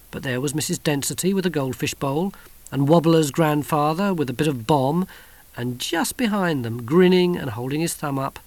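A man reading an audiobook in an expressive style, voicing many characters. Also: fairly high pitch, no room sound. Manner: expressive, animated. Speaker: audiobook narrator.

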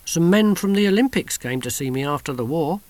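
A man's voice: fairly high pitch, animated, brisk, a little mellow, dry recording, voice pushed up, natural voice. A man doing a proud old grandfather. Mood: reminiscing. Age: older. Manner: rambling, proud storytelling.

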